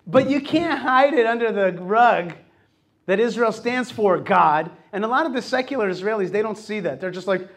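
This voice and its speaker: A middle-aged man hosting a talk show, telling stories in a lively, animated way and acting out what people said to him. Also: sits high, fairly quick. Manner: animated storytelling, acts out quotes. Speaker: host. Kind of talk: casual radio talk.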